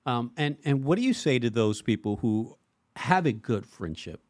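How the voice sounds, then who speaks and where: A man's voice: mid-range voice, animated, no echo. A man co-hosting a church podcast, asking questions and agreeing readily with his partner. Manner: affirming listener, quick agreement. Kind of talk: casual faith discussion.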